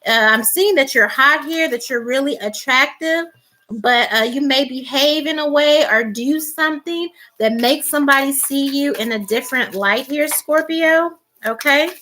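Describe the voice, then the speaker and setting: A woman's voice: sits high, a little slow, pushed and bright, slight background noise. A woman doing a casual tarot reading, rambling with many fillers and restarts, blunt and teasing. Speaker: tarot reader.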